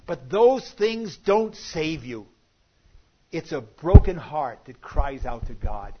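Preacher man, swinging hushed to loud. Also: fairly high pitch, highs cut off. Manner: swings between soft hushed lines and loud emphatic bursts. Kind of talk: sermon.

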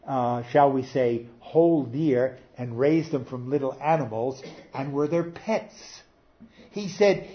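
A man preaching a sermon in an earnest manner, rising to emphatic peaks and dropping low. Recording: dull lo-fi recording.

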